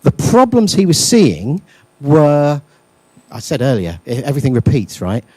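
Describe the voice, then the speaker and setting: A man's voice: mid-range voice, wildly swooping pitch, unhurried, darkish tone, slightly rough, no room sound. Joking man giving a workshop talk. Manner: self-deprecating, joking, many fillers. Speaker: workshop speaker. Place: lecture room.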